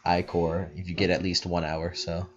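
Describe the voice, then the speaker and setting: Casting note: low-voiced male game master, rambling, lo-fi sound. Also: level tone, moderate pace. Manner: rambling, filler-heavy explaining. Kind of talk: narrating a tabletop game.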